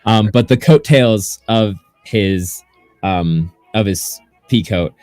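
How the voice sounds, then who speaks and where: A man acting as game master, narrating a tabletop game in a relaxed way full of fillers. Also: fairly low pitch, slow, soft background music.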